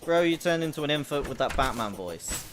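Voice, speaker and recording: A young adult streamer with a babyish, childlike voice chats playfully over a live game, reading out messages from chat. Her pitch is medium, her delivery animated and brisk, with a slight hiss or hum in the background.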